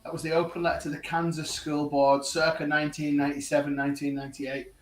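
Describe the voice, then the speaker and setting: A man rants with lively energy on a casual online panel. His voice sits a little high and sounds set back from the mic, in a room with plenty of echo. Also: fast talker, distant mic, faint music behind. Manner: animated ranting, laughing at his own story. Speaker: panel guest.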